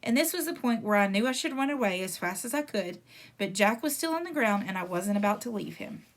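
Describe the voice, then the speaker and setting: A woman reading a novel aloud in a steady storytelling way. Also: medium pitch, brisk. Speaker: reader.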